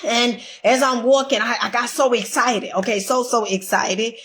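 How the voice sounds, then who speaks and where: A woman's voice: on the high side, fairly even intonation, normal speed, fairly bright tone. A woman giving a casual motivational pep talk, emphatic and repetitive, swearing freely and checking in with "okay?". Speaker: motivational vlogger.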